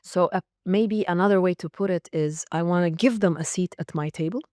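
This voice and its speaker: As an interview guest, a school academic leader of about sixty responds with direct emphasis and clipped, punchy phrases. She speaks fairly quickly in a lowish, mellow voice, recorded with studio quality and no room sound.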